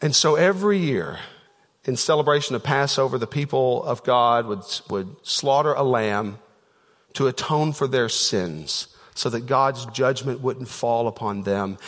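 This pastor's voice is mid-range, unhurried and fairly bright as he preaches conversationally in a church auditorium. Long church-hall reverb colors the recording, and his storytelling is dotted with fillers and restarts.

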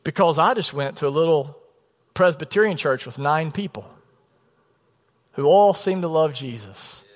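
A man in his thirties, a pastor, preaching a sermon in a chatty storytelling way, often dropping to a soft low voice for emphasis. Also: lively intonation, normal speed, long pauses. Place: church sanctuary. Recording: long reverb of a church hall.

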